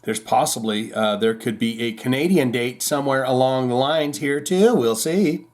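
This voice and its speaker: A man hosts a rock news podcast in a loose, offhand way, wandering off topic with fillers and restarts. His voice sits at a mid pitch for a man. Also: normal speed, darkish tone. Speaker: podcast host. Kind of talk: casual rock news chat.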